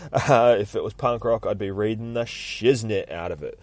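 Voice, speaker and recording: Low, profane man rambling. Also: measured pace, no room sound. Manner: profane, rambling, laughs at himself. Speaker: podcast host. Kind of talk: casual comic book read-through. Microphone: phone.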